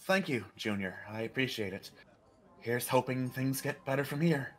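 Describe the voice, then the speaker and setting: A man's voice: medium pitch, animated, normal speed, natural voice. An actor playing an anxious Englishman, a stage performer living in France, who talks in a hesitant, rambling way. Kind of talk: character role-play.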